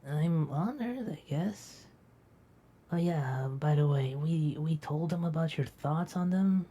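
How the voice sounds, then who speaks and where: A woman voicing a sleepy, doting young female companion who speaks softly and affectionately in an animation. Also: low-pitched, takes it slowly, slightly rough, full character voice. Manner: soft-spoken, drowsy and affectionate.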